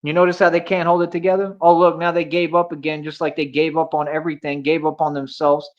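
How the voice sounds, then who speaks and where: A man's voice: on the high side, little pitch movement, quick pace. A man hosting a livestream debate, combative and taunting, repeating himself and throwing in slang. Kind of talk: confrontational livestream argument. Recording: dull lo-fi stream audio.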